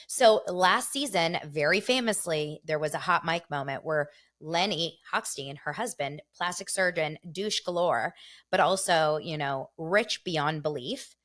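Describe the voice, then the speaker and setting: A middle-aged woman hosting a casual gossip show, chatty and animated, talking straight to her viewers. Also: low voice. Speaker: show host.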